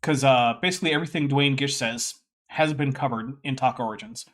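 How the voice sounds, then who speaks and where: A man's voice: medium pitch, fairly quick. Wry man hosting a casual stream. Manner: wry, sarcastic asides, reads text aloud. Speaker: host. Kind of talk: casual commentary livestream.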